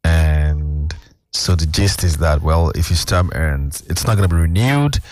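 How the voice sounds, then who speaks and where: A man's voice: a bass voice, a little slow, darkish tone, dry recording. A man, a guest explaining financial news at length in casual chat, with many fillers. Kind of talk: casual radio-style chat.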